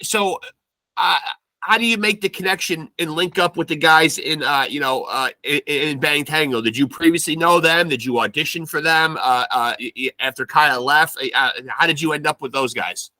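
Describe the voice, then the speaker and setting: A man's voice: on the high side, moderate pace, bright, forceful tone, no room sound. A man hosting a podcast interview, stumbling over repeated starts before his questions. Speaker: podcast host. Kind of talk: casual interview.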